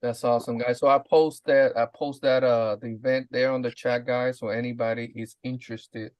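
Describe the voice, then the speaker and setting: A man hosting a live stream show, chatting eagerly with a guest, laughing often and filling pauses with "uh" and "man". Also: medium pitch, level tone, a little mellow, no echo. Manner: enthusiastic, laughing, many fillers. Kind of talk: casual live-stream interview.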